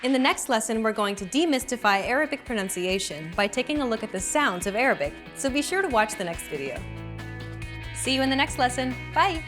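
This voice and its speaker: Lively high-voiced woman teaching. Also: fairly quick, music in the background. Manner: upbeat, clear teacherly delivery. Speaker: language lesson host. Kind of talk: scripted lesson narration.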